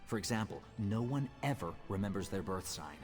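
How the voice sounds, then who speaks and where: Picture a prim, self-important port clerk from a video game, voiced by a man. His pitch swings in a lively, fussy way as he talks. A long reverb trails each line. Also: fairly quick, faint music behind, lightly acted. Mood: exasperated. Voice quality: pompous, prim.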